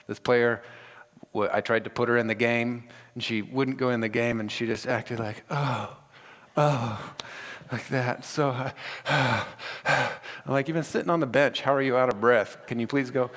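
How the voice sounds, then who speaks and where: A man preaching a sermon as pastor, animated and acting out the scripture with dramatic voices. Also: medium pitch, moderate pace. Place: church sanctuary. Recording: long church reverb.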